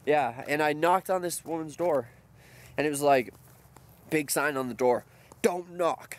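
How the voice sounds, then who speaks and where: A man's voice: on the high side, measured pace. Rambling young man vlogging outdoors. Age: 20s. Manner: rambling, joking storyteller. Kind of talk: casual vlog chat. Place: outdoors in a quiet open field.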